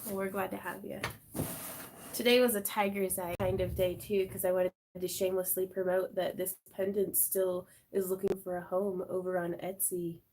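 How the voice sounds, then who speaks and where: This craft channel host has a mid-range, slightly mellow voice with little pitch movement, speaking at a normal speed over slight background noise. Hosting a live craft stream, she chats with her viewers and her cat in a bubbly, giggly way.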